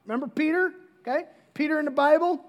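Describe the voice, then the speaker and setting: A man's voice: very high voice, fast talker, highs cut off. A middle-aged man preaching a sermon as pastor, casual and joking, often restarting his sentences.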